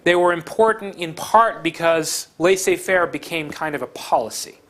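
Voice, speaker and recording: A man giving a university lecture in a conversational way, with frequent fillers, restarts and animated emphasis. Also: a little high, moderate pace. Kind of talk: classroom lecture.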